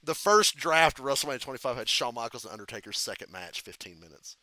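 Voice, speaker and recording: A man on a casual live reaction stream retells backstage stories with plenty of cursing. His voice is very bright and sharp. His pitch sits in the middle, and he talks like he is hanging out with a friend. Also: fast, dry recording. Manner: profane animated storytelling.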